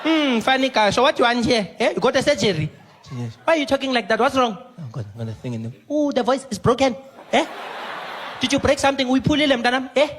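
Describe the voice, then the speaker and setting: A man playing a sneering hospital receptionist, her voice pitched way up high and brash, every taunt ending in a drawn-out "eh?". Recorded live in a comedy club, with audience noise clearly audible underneath. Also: expressive, a bit bright. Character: gruff, mocking hospital check-in woman.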